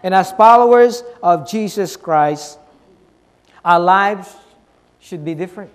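A male pastor with a strikingly high voice preaches a sermon, pressing his points through repeated rhetorical questions. He shifts from loud emphasis to soft, low asides, speaking slowly with the sound of a big room.

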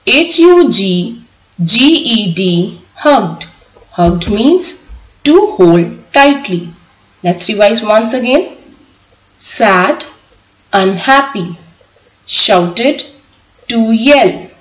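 Woman schoolteacher, slightly high voice, very slow careful delivery that spells words out letter by letter, echoey room. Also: animated. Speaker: teacher. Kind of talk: online class lesson reading a story aloud.

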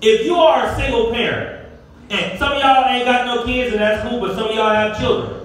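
A middle-aged male pastor preaching a sermon with call-and-response to his congregation, sometimes rising to shouts. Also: extremely high pitch, fairly even intonation, fairly quick. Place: church sanctuary. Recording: echoey hall, far from the mic.

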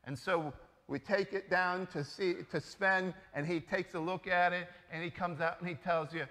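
A man preaching a sermon as a priest, telling stories in a relaxed, conversational way. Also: sits high, moderate pace. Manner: conversational storytelling, animated. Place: church sanctuary. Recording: reverberant church hall.

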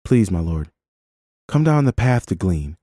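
A skeptical but kindly young peasant woman speaks with careful, guarded politeness, as a male audiobook reader puts her on. The voice is lifted from a dark, mellow base. The sound is dry and close. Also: sits low, sing-song, a little slow, no echo, heavily acted. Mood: polite. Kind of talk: audiobook character voice.

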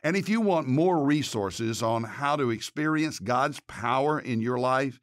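A man, a pastor and podcast host, reading a scripted devotional narration and leading a prayer in an earnest, measured way. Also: mid-range voice, lively intonation, no room sound, studio quality.

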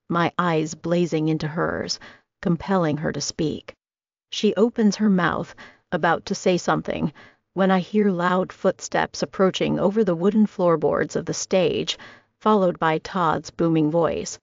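A woman narrating a first-person audiobook with a steady, dramatic reading. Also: lowish voice, unhurried, creaky, no echo. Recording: dry, slightly muffled recording.

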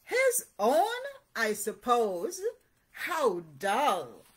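A woman's voice: on the high side, huge pitch swings, very slow, husky, heavily acted. A woman reading as a snooty grumbling frog. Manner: dismissive and bored. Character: grumpy, snooty male frog.

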